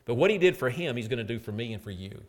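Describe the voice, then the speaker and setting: A middle-aged man delivers a sermon in an earnest, pleading manner. His voice sits at an ordinary pitch, swelling loud on key phrases and sinking low and quiet at the close of each thought. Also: lively intonation, fast talker. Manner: earnest, rising to emphatic peaks then dropping soft. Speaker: preacher.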